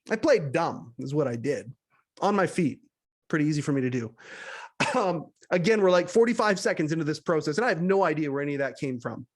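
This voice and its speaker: A man from western Canada, a podcast host, reading a personal essay aloud with animated storytelling and wry asides. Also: on the high side, fairly quick. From British Columbia, Canada.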